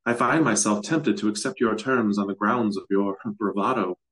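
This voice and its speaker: A man reading aloud and voicing an ancient monstrous female swamp hag who speaks with slow, hushed, purring menace. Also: fairly low pitch, lightly acted, low-quality recording. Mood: coy.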